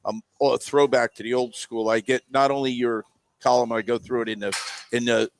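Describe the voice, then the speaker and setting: A man at a sports pub talks eagerly and warmly to a writer he admires. His voice is rough and gravelly, and sits at an ordinary pitch. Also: little pitch movement, brisk, no echo, low-quality recording. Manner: eager, enthusiastic. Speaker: fan at the pub.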